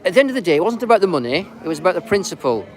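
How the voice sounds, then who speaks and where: A man's voice: high-pitched, big pitch swings, racing. A man filming a live street vlog outdoors, chatting to passers-by with a teasing, rambling manner. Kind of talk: casual street chat to camera. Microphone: handheld camera. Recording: outdoor crowd noise. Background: crowd noise.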